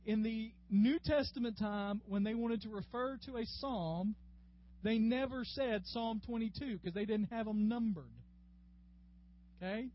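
Folksy man teaching a Bible class. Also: sits high. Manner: folksy and chatty, addressing class members by name. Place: classroom with a group. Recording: dull lo-fi room recording with faint hum.

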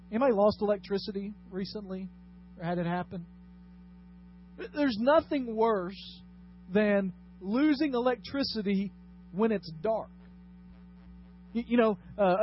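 A male pastor preaching a sermon, swinging between hushed and loud delivery. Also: sits high. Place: church sanctuary. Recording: dull lo-fi sound with faint noise.

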